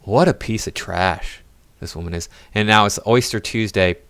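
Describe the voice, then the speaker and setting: A man's voice: fairly low pitch, normal speed, a bit bright, no echo. A man giving sarcastic, mocking commentary on video clips. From United States. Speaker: reaction commentator. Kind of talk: critical commentary over clips.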